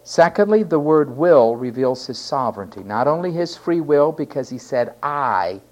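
A man preaching a sermon, stressing key words loudly and then dropping to quiet asides. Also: fairly high pitch, expressive, normal speed. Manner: emphatic, swinging between loud stresses and quiet asides.

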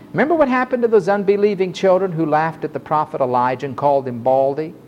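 A man preaching a fiery sermon to a congregation, swinging from loud outbursts to low, quiet asides. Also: dull audio, slight background noise. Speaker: pastor.

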